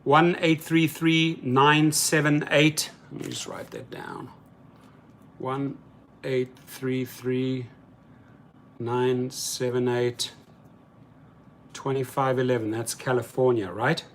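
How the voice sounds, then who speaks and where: A man's voice: medium pitch, animated, slow pace, pauses often, slight background noise. A man hosting a live stream in casual talk, reading viewer comments aloud and speaking in heated, colloquial terms. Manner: heated, mocking.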